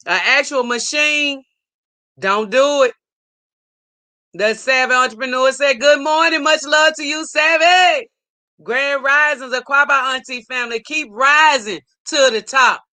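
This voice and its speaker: A woman's voice: high-pitched, pushed and bright. A middle-aged woman hosts a live stream, reading viewer comments aloud and preaching emphatically, repeating her points for emphasis. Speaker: livestream host.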